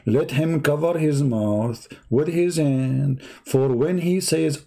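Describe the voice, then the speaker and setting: Gravelly sarcastic man. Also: a little high, warm tone. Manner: sarcastic, drawn-out mocking delivery. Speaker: live stream debate host. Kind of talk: mocking live-stream commentary.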